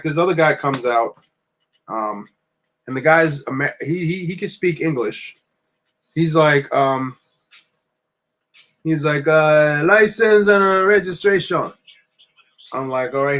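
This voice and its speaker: A young man from New Jersey telling a long, rambling, animated story while building with bricks. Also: a little high, slight background noise. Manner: rambling, animated anecdote with many restarts. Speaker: LEGO builder streaming.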